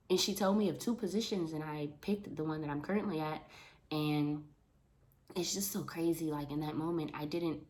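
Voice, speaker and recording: A young adult woman chatting casually to the camera in an animated way about her work as a teacher's aide. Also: sits low, moderate pace, slight background noise. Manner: animated, talks with her hands. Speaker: vlogger, school paraprofessional. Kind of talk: casual vlog chat to camera.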